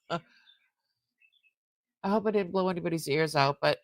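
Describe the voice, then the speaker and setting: Slow-talking older woman selling jewelry live. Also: lowish voice, dry recording. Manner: chatty and warm-hearted, easily moved. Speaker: live-stream jewelry sale host. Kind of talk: casual live-stream sales chat.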